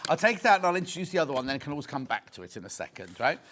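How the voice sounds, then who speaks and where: A British man with a slightly high voice races through his patter on a live TV shopping channel, with a little hiss or hum audible. Excitable and chatty, he repeats prices and jokes around with the studio crew.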